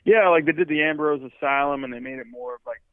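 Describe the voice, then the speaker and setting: A man's voice: on the high side, fast talker, dry recording. A man calling into a show, rambling and searching for words as he chats casually. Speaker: caller. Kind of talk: casual phone chat. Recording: tinny phone line.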